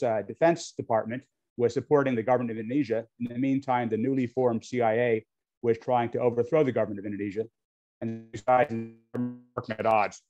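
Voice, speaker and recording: A man's voice: mid-range voice, mellow. An American man giving an unscripted talk as a guest speaker, speaking frankly with many ums and restarts. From United States. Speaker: guest speaker on US-Indonesia relations. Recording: dull lo-fi audio.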